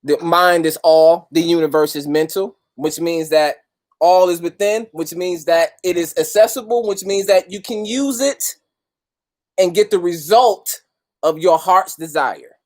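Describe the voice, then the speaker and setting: Man, fairly high voice, casual stream host, slangy and profane, shout-outs to viewers. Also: measured pace. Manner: loose, profane, street slang, greets viewers by name. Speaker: host of a livestream talk. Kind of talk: casual livestream talk.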